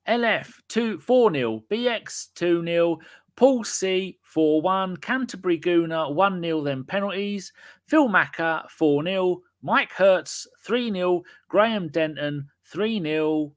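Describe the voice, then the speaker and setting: A man hosting a chatty podcast, his voice sitting a bit high and bouncing all over the place as he jokes. His banter is cheeky and often sweary. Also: animated, slow. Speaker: podcast host. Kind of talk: casual live-stream chat.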